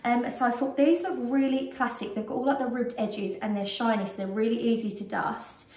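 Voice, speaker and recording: A British woman with a fairly high, steady, slightly mellow voice talks a little fast as she vlogs a casual shopping haul at home. She rambles chattily, says "um" a lot, and sounds a bit out of breath. The distant mic picks up a roomy echo.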